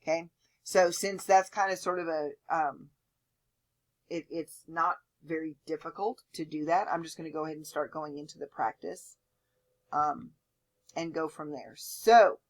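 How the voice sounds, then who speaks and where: A woman teaching a math lecture, explaining step by step and often checking in with "okay?". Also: low voice. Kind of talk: lecture with board work.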